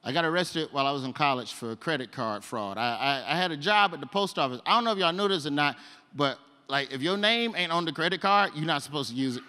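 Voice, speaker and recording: A man performing stand-up comedy, telling a story and moving from hushed asides to loud punchlines. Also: on the high side, quick pace. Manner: animated, shifts between hushed and loud. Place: comedy stage.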